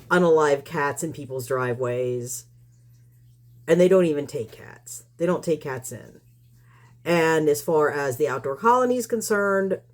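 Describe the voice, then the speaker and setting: A woman giving casual commentary on her channel, combative and rambling, with many restarts. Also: low-pitched. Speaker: YouTube commentator.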